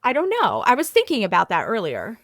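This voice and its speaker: A woman co-hosting a podcast in casual chat, expressive and quick to laugh, filling her talk with "like" and "right". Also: mid-range voice. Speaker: podcast co-host.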